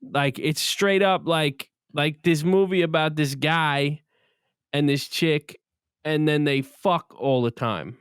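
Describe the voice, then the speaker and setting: A man's voice: a little high, slow, clean tone, no room sound, clean studio sound. Swearing New storyteller man. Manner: loud storytelling, lots of swearing. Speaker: podcast guest. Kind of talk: casual chat.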